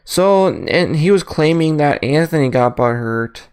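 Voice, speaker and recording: A man's voice: fairly high pitch, expressive, measured pace, a little mellow, clear, resonant tone. A young man co-hosting a casual podcast chat, laid-back and laughing often.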